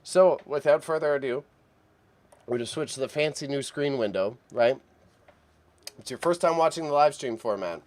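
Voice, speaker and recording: A man's voice: medium pitch, normal speed, pauses often, a little mellow. A man hosting a casual live auction stream, chatty and self-deprecating, often repeating himself. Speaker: livestream auction host.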